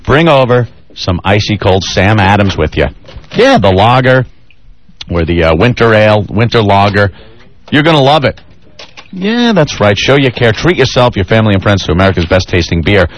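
Animated male radio co-host. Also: fairly low pitch. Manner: animated, sarcastic, drawn-out emphasis. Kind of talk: casual radio banter and live ad read.

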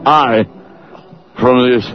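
A man's voice: medium pitch, fairly even intonation, drawn-out words, dull audio. A man doing a comic impression of a stiff, self-important male TV news anchor who keeps breaking into sobbing laughter while watching sad movies, on a radio comedy bit. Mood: pompous.

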